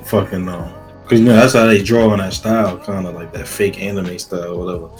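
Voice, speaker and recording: A man with a fairly low voice talks loosely on a podcast, full of slang, swearing and filler words. Music plays faintly underneath. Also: fairly even intonation, fairly quick. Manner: slangy, profane, rambling with many fillers. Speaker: podcast co-host. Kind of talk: casual chat.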